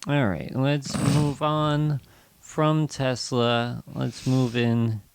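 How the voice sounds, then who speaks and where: A man co-hosting a casual comedy news podcast, reading headlines haltingly and cracking dry jokes. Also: medium pitch, little pitch movement, smooth, no room sound. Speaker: co-host.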